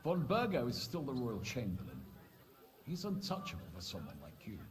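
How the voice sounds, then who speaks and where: A composed middle-aged knight talks in a game with a calm, measured manner and a dry touch. His pitch moves very freely while staying in an ordinary middle range.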